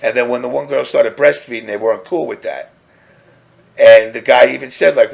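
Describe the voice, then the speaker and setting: A man's voice: medium pitch, normal speed, vocal fry. A man hosting a casual podcast, ranting crudely and rambling while mocking others in put-on voices. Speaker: podcast host.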